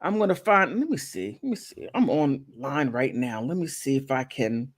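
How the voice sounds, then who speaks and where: A woman's voice: extremely low pitch, big pitch swings, moderate pace. A woman hosting her own channel, talking casually while she browses online, thinking aloud with many restarts. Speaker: channel host.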